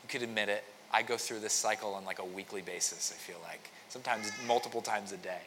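A man's voice: on the low side, fairly even intonation, fast talker, noisy background. A man preaching a conversational sermon, telling a story with frequent restarts. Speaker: pastor. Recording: long hall reverb.

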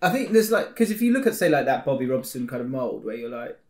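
A man co-hosting a podcast, chatting casually and quickly, often laughing. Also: mid-range voice, big pitch swings, roomy sound. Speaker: podcast co-host. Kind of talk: casual chat.

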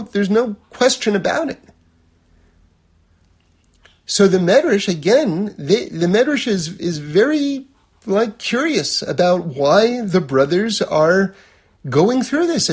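High husky male teacher. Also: very animated, slow. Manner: conversational, illustrates points with everyday examples. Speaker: religious teacher. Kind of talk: lecture on a religious text.

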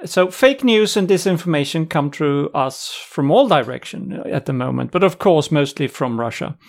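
A male podcast co-host with a somewhat high voice, chatting in a relaxed, dry way. He talks through news items and links, adding wry asides along the way. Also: moderate pace, vocal fry. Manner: conversational, wry, reads out sources and quotes. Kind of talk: casual podcast discussion.

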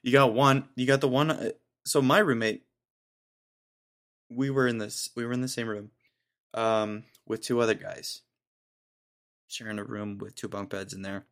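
A man's voice: mid-range voice, fairly even intonation, normal speed, long pauses, a bit bright. A young man in his twenties hosting a podcast, telling a rambling, jokey story in casual slang. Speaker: podcast host.

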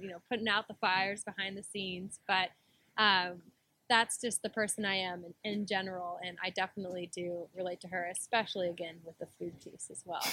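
A woman co-hosting a podcast, chatting casually and quoting favourite TV scenes with animation. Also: medium pitch. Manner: animated, laughs and quotes TV lines. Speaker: podcast co-host. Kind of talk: casual chat.

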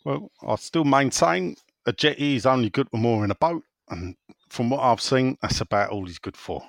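A man's voice: mid-range voice, normal speed, vocal fry, no room sound. A man hosting a football podcast, reading out listener messages in a jokey, laughing way. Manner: jokey, laughs often, lively. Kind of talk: casual chat.

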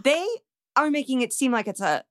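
A woman co-hosting a comedy podcast from a cluttered home desk, recapping a movie with incredulous, lively commentary. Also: sits high. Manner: lively, incredulous, quick to laugh. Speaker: podcast co-host. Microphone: podcast microphone.

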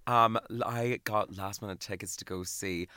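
A man's voice: on the low side, fairly even intonation, normal speed, sharp tone, clear, resonant tone, dry recording, clean studio sound. A man co-hosting a podcast in casual chat, playful and teasing. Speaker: podcast co-host.

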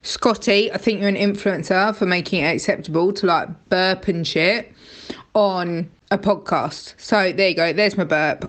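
A woman's voice: mid-range voice, lively intonation, moderate pace, a bit bright. A woman from the UK leaving a chatty voice message for a podcast; she paces while she talks and rambles nervously, swearing now and then.

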